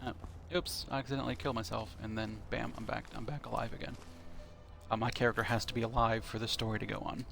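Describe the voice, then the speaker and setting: A man's voice: mid-range voice, flat delivery, fast talker, gravelly, fairly bright tone, faint music behind. A man streaming a video game, chatting casually and thinking aloud with plenty of fillers as he plays. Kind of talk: casual commentary while playing. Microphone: console headset.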